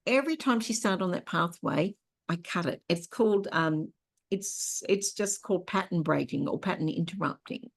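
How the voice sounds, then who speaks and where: A woman's voice: on the low side, normal speed, creaky, breathy edge. A middle-aged woman hosting an online workshop, teaching in a conversational way and telling personal stories. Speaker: workshop host and therapist.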